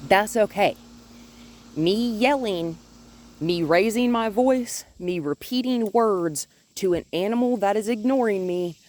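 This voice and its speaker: A woman dog trainer filming outdoors on a phone held in one hand, calmly explaining her methods and now and then talking to the dog in a high sing-song voice. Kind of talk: instructional dog-training video. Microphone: phone held in one hand while filming.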